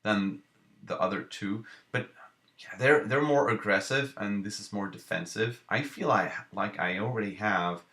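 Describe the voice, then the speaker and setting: A man streaming live, thinking aloud over card game picks with halting restarts and playful self-mocking jokes. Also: lowish voice, pushed and bright.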